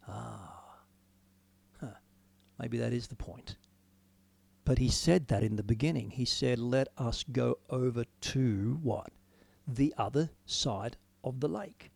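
An earnest man preaching slowly and deliberately in a gravelly voice that sits a little high for a man. He drifts between quiet, musing reflection and sudden emphatic declarations. The sound is dry and close, with no room around it. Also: no room sound. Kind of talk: informal sermon, devotional talk.

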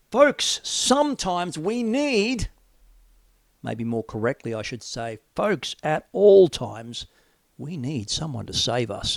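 A man's voice: medium pitch, no echo. Emphatic middle-aged male preacher, dry sound. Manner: emphatic, swinging from loud declarations to hushed near-whispers. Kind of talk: sermon.

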